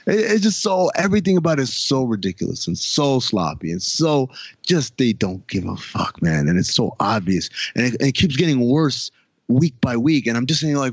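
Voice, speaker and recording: Animated ranting podcast man. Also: mid-range voice, fairly quick, husky, dry recording, lo-fi sound. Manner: animated, exasperated ranting with mock quotes. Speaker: podcast co-host. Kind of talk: casual chat reviewing a TV show.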